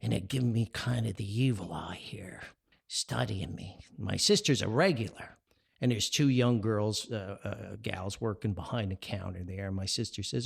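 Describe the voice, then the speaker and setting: A man's voice: on the low side, moderate pace, creaky, breathy edge. An older man from New Jersey with a North Jersey accent, telling a casual story as a podcast host, chuckling as he goes. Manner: animated, chuckling, jumps up for quoted voices.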